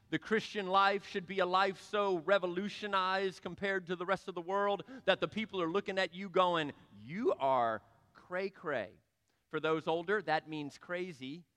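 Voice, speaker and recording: A man's voice: high voice, a bit bright. A male pastor preaching a sermon in an emphatic, repetitive cadence. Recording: long reverb of a large hall.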